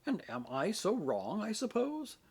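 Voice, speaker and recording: A man's voice: high-pitched, wildly swooping pitch, a little slow, gravelly, a little mellow, slightly rough, voice pushed up, full character voice. A man voicing a stern, sarcastic minister father. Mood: stern reproach. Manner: stern, ironic, authoritative. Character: stern middle-aged male minister father, proud and sarcastic. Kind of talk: audiobook character reading.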